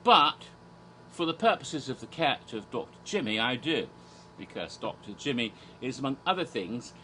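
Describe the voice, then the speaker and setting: A man's voice: mid-range voice, pushed and bright. A man from Asia, an American English speaker talking in a fake British accent, rambling theatrically with silly asides. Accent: put-on British accent. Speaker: horror theme park vlogger. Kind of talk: rambling casual commentary in a persona.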